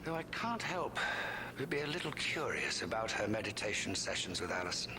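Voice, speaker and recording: An actor voicing a calm, suggestive narrator in a live-action game, with an insinuating delivery. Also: male voice, fairly low pitch, brisk. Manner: smooth, insinuating.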